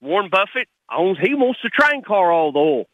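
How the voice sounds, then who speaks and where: A man's voice: high-pitched, big pitch swings, normal speed, no echo, phone-quality sound. A middle-aged man from Texas, calling in to a radio show and talking heatedly and bluntly like a working man. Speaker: caller. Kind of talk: call-in radio.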